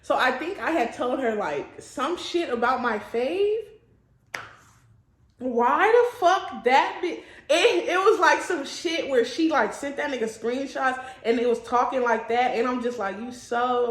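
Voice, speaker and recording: A woman's voice: on the high side, measured pace. A young woman vlogger telling a casual storytime, blunt and profane, laughing often. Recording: echoey room.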